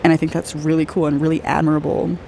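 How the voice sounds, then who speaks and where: Effusive aura reader gushing over a client, soft earnest talk, lotta "like"s, faint noise behind. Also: mid-range voice, flat delivery, quick pace, vocal fry, poor audio. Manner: gushing and effusive, heavy use of "like". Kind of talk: personal spiritual reading addressed to one client.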